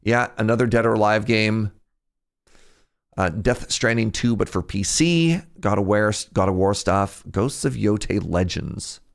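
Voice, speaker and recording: A young man chatting casually on a live stream, rambling and jumping in pitch when something excites him. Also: measured pace, gravelly. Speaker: streamer reacting to a game showcase.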